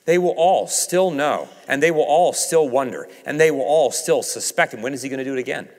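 A man preaching a sermon, swinging from raised emphasis to hushed low passages and acting out quoted dialogue. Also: animated, a little fast. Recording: reverberant hall.

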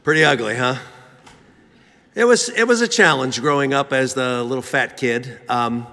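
A man's voice: medium pitch, moderate pace, pushed and bright. A man from Philadelphia telling a humorous, self-mocking story in a sermon, with frequent fillers and restarts. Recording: reverberant church hall.

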